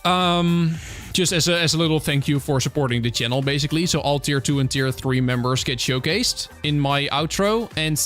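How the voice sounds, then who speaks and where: Dutch guy streaming, kinda high voice, chill rambly chat with lots of um and uh. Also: normal speed, fairly bright tone, soft background music. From Netherlands. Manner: chatty, reads and answers viewer chat, many fillers and restarts. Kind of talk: casual livestream chat.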